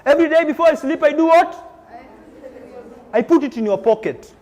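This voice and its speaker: High-voiced man, lively motivational speaker. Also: a little fast. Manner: energetic call-and-response, code-switching. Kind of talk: motivational talk to students. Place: school hall with student audience. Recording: reverberant hall with crowd.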